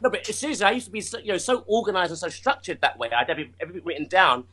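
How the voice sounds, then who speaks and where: A male singer being interviewed, talking in a casual, animated way with frequent restarts. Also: sits high, rapid-fire, a crowd in the background. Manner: animated, many restarts and laughs.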